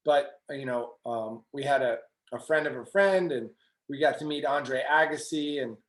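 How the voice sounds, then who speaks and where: A man's voice: medium pitch, normal speed, reverberant. A middle-aged man, a tennis coach, talking in a webinar, telling stories with quoted asides and frequent "you know". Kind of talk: webinar talk.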